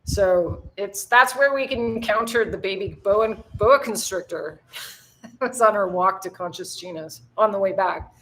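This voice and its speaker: A woman from the United States hosts a casual livestream outdoors in bright sun, chatting with viewers, reading their comments, and answering them while swearing lightly. Her voice is medium-pitched and a bit bright, with a measured pace.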